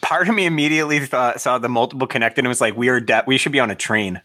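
Bright-voiced man playing a tabletop game. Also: medium pitch, quick pace. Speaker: player. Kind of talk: casual game chat.

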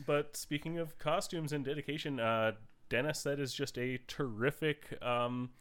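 A man's voice: medium pitch, moderate pace, a bit bright, clean tone. A man co-hosting a podcast, joking dryly in casual chat and reading out film facts. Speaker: podcast co-host.

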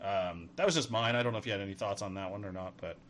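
A man in his thirties from Atlantic Canada, co-hosting a gaming podcast in animated casual chat. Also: lowish voice. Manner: animated, quick, laughs often. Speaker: podcast co-host.

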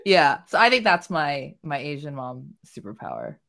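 A woman co-hosting a casual chat, thoughtful and pausing to find her words. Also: deep voice, very animated, vocal fry, fairly bright tone.

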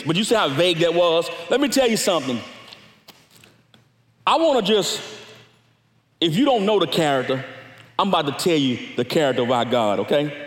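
A man preaching a sermon, talking casually with the congregation and then rising into shouts. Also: on the high side. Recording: echoey hall with long reverb.

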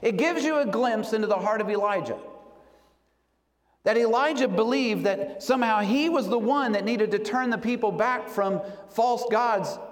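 A man preaching a sermon, telling a story earnestly and slowing down for emphasis. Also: high voice. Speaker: pastor. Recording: long hall reverb.

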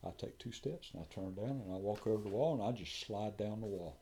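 A man's voice: fairly low pitch, a little fast, mellow. A man, a firefighter telling a story in casual conversation and acting out what others said.

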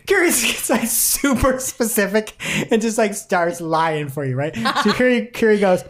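A woman's voice: mid-range voice, lively intonation, normal speed, hardly any pauses. A woman host in casual chat, reading articles aloud with a wry, giggly manner. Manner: giggly, wry, laughs mid-sentence. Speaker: podcast host.

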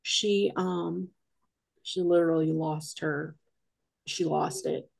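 A woman's voice: sits low, steady tone, takes it slowly, creaky, darkish tone. A woman guest on a podcast, a paranormal investigator, telling a rambling story full of quoted dialogue in a casual way.

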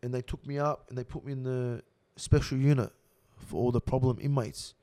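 A young Australian man telling a rough prison story in casual slang, swearing constantly. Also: medium pitch, fairly quick. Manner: swears heavily, animated slang-filled storytelling.

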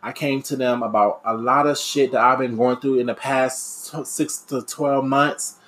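Here the young man, who hopes to become a radio DJ and podcaster, talks at a slightly slow pace in a medium-pitched, fairly bright voice with mostly even intonation. His reflective monologue is frank and meandering, full of restarts and filler words.

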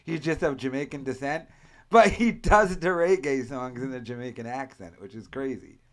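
A man's voice: medium pitch, normal speed. A man from the United States hosting a casual podcast, rambling and profane, often slipping into mock accents as he riffs. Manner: profane, rambling, mimics accents mid-story. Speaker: podcast host. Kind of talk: casual crude podcast banter.

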